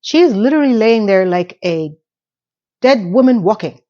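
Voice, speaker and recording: A woman's voice: medium pitch, expressive, normal speed, warm tone, muffled recording. A woman recapping a TV episode in casual, sarcastic commentary with frank asides.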